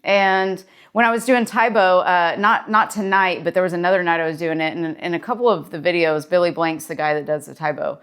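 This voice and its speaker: A woman's voice: lowish voice, fairly even intonation, fairly quick, hardly any pauses, fairly bright tone, smooth. A woman therapist talking in a casual daily vlog, chatty and encouraging as she tells a story, wearing a personal mic.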